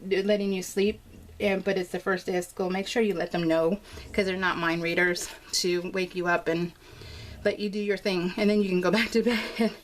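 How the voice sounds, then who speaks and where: A woman in her forties chatting casually while crafting, telling a story with lots of fillers and laughs. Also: medium pitch. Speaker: scrapbooking vlogger.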